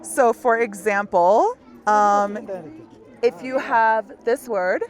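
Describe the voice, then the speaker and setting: A woman's voice: a little high, slow, soft background music, a faint crowd. A woman teaching a language lesson out of doors, explaining step by step in a friendly way and laughing often. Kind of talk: casual outdoor lesson. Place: outdoors in a busy public place. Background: onlookers in the street.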